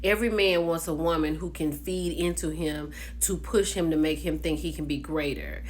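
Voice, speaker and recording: A woman vlogger recapping a reality show in a casual gossip style, animated, calling viewers "baby" and "child". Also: deep voice, normal speed, slight background noise. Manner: animated storyteller, calls viewers "baby" and "child", laughs often.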